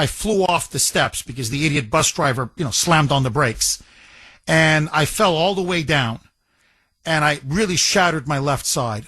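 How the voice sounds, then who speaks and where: A man's voice: a little high, a bit bright, no echo. A man hosting a talk radio show, speaking in an impassioned, emphatic monologue and repeating phrases for effect. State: recovering from broken ribs.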